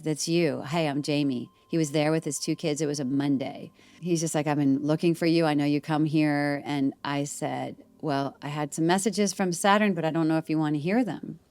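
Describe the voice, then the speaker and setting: A woman's voice: deep voice, no echo. A middle-aged woman telling a long personal story in a casual interview, rambling, with restarts and acted-out quotes. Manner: rambling, animated retelling with restarts and quoted voices. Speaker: guest.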